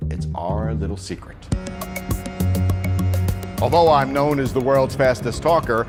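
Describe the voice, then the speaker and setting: A man telling anecdotes about his career as a fast-talking performer, with a rapid, lively delivery and bursts of very fast speech. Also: mid-range voice. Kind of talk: anecdotal storytelling. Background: background music.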